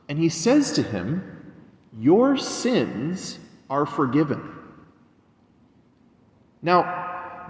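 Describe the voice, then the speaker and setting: A young male priest preaching a sermon, telling a story and acting out the voices of the people in it. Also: sits high. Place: church. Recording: echoey church with long reverb.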